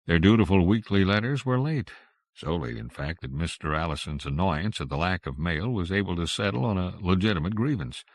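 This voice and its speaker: A man narrating an audiobook in an expressive storytelling manner on a close microphone. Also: low voice, a little fast, dry recording. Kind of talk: scripted narration.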